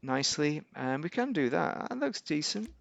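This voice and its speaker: A man's voice: a little high, very animated, normal speed, creaky, dry recording, highs cut off. Rambling man narrating gameplay. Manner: rambling, self-correcting, wry asides. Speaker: gaming YouTuber. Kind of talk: casual gameplay commentary.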